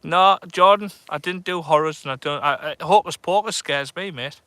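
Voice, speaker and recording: A bright, lively-toned man chats to his live viewers from a dark shore at night, joking nervously and reading out their comments. His voice sits a little high for a man and comes through close and dry on a phone or camera mic, with almost no room sound. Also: moderate pace, clean tone, dry recording. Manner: chatty, nervous, jokey, reads out comments. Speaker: fishing vlogger streaming live. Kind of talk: casual live-stream chat to viewers. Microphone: phone or camera on a tripod.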